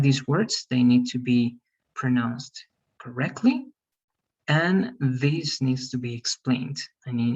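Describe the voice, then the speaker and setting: Husky male teacher on a video call. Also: medium pitch, darkish tone. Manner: patient, repetitive, checks in with "all right?". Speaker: English teacher. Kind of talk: online class instructions. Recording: distant, muffled video call audio.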